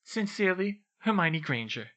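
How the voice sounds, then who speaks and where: A man's voice: sits high, very animated, moderate pace, a bit bright, voice pushed up. A man voicing an eager know-it-all schoolgirl witch. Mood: earnest. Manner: eager, instructive.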